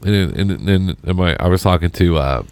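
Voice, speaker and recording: A man with a very low voice chats casually, rambling and joking with frequent swearing. The sound is dry and close. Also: animated, normal speed, no echo. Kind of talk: casual chat.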